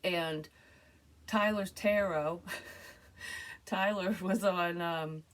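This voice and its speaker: A woman's voice: lowish voice, extremely slow. Rambling woman retelling a dream. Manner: rambling, animated, swears freely, frequent "like" fillers. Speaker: psychic medium sharing a dream. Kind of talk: casual storytelling to camera.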